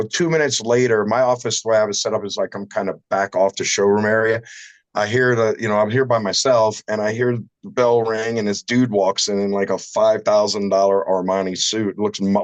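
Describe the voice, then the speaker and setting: A man's voice: lowish voice, fairly even intonation, brisk, no echo, low-quality recording. A man who runs a shower door shop, chatting casually on a livestream and telling rambling anecdotes with some salty language.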